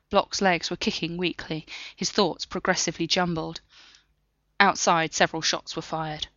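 A woman narrating a story in a steady, measured reading. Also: on the low side, no room sound, muffled recording. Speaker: audiobook narrator. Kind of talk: scripted narration.

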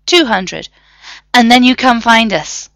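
A woman's voice: fairly high pitch, slow pace, fairly bright tone, dry recording, pitched above the performer's own voice. A woman voicing a mischievous boy troublemaker who coaxes cheekily. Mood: coaxing. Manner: cheeky and coaxing.

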